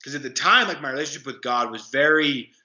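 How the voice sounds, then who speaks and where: A young man talks through a personal story in a loose, casual way, stopping often with fillers and restarting sentences. His voice is very bright and tense, at a middling pitch, and the recording sounds slightly dull and lo-fi. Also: expressive. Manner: halting, many fillers and restarts. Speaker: podcast guest, anti-trafficking worker.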